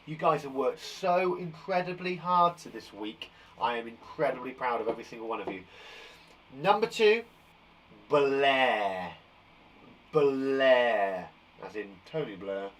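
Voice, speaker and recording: Upbeat teacher, lively pitch. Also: male voice, measured pace, distant mic, a little hiss or hum. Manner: upbeat, warmly encouraging, chatty with a puppet. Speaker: primary school teacher. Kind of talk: live online lesson for young children. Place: garden shed.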